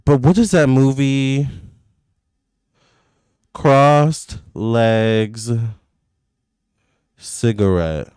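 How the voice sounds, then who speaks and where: Smooth-voiced man rambling through a tarot reading. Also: mid-range voice, drawn-out words, long pauses, darkish tone, no room sound, studio quality. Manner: rambling, filler-heavy talk with many restarts. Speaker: tarot reader. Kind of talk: casual psychic tarot reading to camera.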